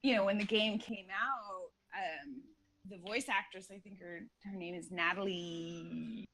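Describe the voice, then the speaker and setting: On a recording of poor quality with crowd noise behind her, a woman with a mid-range voice chats as a guest on an interview show. She speaks at a measured pace, rambling and stuffing her talk with filler words, and laughs often along the way.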